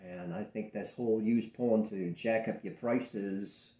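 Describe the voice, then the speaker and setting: A man producing adult films, speaking bluntly and profanely in a candid interview, telling animated stories from his own studio. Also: on the low side, a little slow. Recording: roomy echo.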